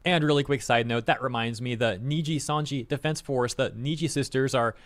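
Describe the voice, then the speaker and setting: A young man with a mid-range voice narrates a commentary video, steady and measured as he reads quoted posts aloud. The recording is dry and close, with no room sound. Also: mid-range voice, no echo.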